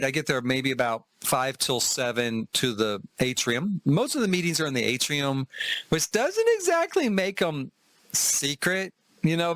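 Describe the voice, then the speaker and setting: A man's voice: medium pitch, a bit bright, no echo. A middle-aged man talking casually to the camera as a travel vlogger, chatty and enthusiastic, laughing often as he reviews a trip.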